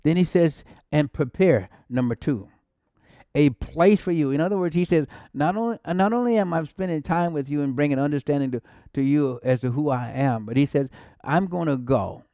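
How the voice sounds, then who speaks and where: An American man preaches a sermon in a warm, mellow voice at middle pitch and normal speed. He repeats words, exclaims often, rises to emphatic peaks, and laughs briefly between phrases. The recording is close and dry.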